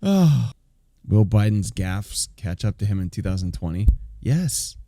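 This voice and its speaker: Man, live stream reaction, incredulous, laughing, swearing, lively pitch, dry close sound. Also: a little slow, no room sound.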